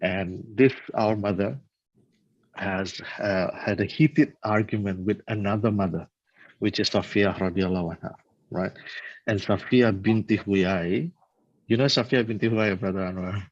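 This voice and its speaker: A man telling religious stories in a casual, halting way, often checking in with his listener. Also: on the low side, no echo. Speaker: religious talk speaker. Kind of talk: casual religious storytelling talk. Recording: dull lo-fi dry recording.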